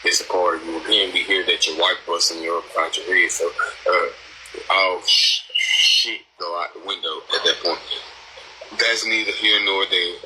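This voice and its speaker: A man's voice: low voice, fairly even intonation, moderate pace, sharp tone, slight background noise, rough recording. A man hosting a live stream panel, talking in a blunt, rambling, profane casual chat.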